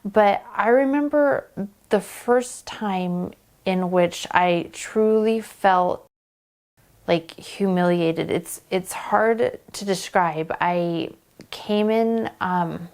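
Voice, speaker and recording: A young woman speaks straight to the camera about her own past. Her telling is halting and emotional, broken by pauses and fillers. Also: mid-range voice, a little mellow. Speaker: vlogger. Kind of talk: personal story told to camera.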